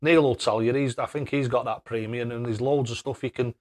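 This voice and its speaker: A man's voice: medium pitch, fairly quick. A young man hosting a live stream, chatting casually and thanking viewers by name. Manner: cheery, excitable.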